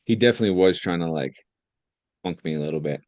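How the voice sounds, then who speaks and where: Young male podcast co-host, deep voice, dry close sound, loose jokey rambling. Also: fast, a little mellow, dry recording, dull audio. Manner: joking, rambling, laughs often. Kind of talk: casual chat.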